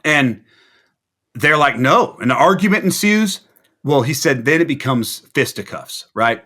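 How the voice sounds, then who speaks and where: Guy rambling thru a crazy tour story in an interview, sharp bright voice. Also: a little high, a little slow. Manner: rambling anecdotal storyteller, animated quoting. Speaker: musician guest. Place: video interview.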